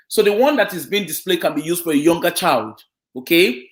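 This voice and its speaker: A man's voice: on the high side, animated, brisk. A man who works as a children and family social worker, giving a community talk on parenting and often checking in with his listeners. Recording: echoey room.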